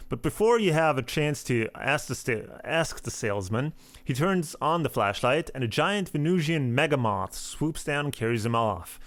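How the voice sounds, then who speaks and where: A man's voice: medium pitch, lively intonation, moderate pace, a bit bright, dry recording. A man hosting a let's play of a text game, reading the game text aloud and adding wry asides.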